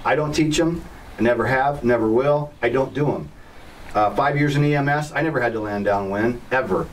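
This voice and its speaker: A man who teaches helicopter flying, telling stories in a plainspoken, blunt way with firm opinions. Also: medium pitch. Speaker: helicopter flight instructor. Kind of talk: casual storytelling to an online group. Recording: slightly distant mic with faint background noise.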